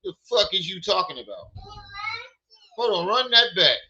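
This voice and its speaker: Male livestream host, bright cutting tone, angry and profane, lo-fi stream sound. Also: high voice, lively intonation, moderate pace. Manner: angry, profane, repeated questions. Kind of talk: heated livestream commentary.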